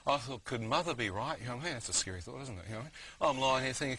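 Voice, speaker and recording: A man's voice: medium pitch, very fast, noisy background. A man telling a personal story in a guest interview, vivid and often asking "you know what I mean". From New Zealand. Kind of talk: testimony storytelling.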